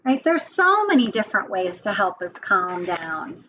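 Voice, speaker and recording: Slow gentle woman teacher. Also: medium pitch, lively intonation, lo-fi sound, slight background noise. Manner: gentle, asks children questions often. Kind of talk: children's lesson and storybook reading.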